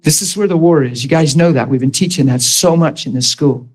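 A man with a fairly high, slightly mellow voice speaks briskly in an informal sermon for a Bible school class. Emphatic and earnest, he asks the room questions, jokes and laughs frequently, and acts out the voices of people he quotes.

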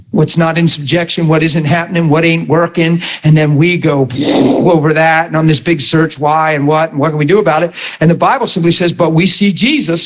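A male preacher giving a sermon, animated and playful as he tells stories. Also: on the high side, highs cut off. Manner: animated storytelling, bursts into laughter, playful.

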